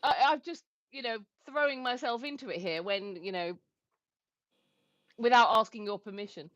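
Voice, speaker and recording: A woman's voice: on the high side, moderate pace, a bit bright. A woman co-hosting a livestream on a phone, chatting casually, reading out comments and laughing often. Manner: giggly, breaks into laughter often. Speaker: livestream co-host. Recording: dull lo-fi phone audio.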